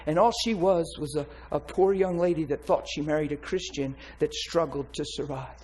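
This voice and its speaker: A man's voice: a little high, moderate pace, a little mellow, breathy edge, poor audio. A man preaching his testimony in an impassioned, emphatic way. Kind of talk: testimony sermon.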